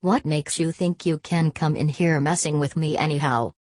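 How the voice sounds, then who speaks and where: A woman's voice: sits low, steady tone, moderate pace, a little mellow, no room sound. A woman voicing a defiant old man at a bar counter, speaking in a folksy, challenging drawl.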